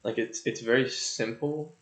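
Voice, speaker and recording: A man's voice: medium pitch, fairly even intonation, measured pace. A young man casually reviewing an album on his channel, rambling and joking, with loose profanity. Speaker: music reviewer. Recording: echoey room, dull lo-fi sound.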